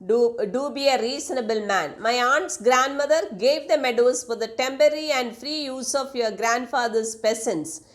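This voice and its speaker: A woman's voice: a little high, moderate pace, few pauses, lightly acted. A woman reading the part of an agitated young male landowner, with mild emphasis. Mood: pleading.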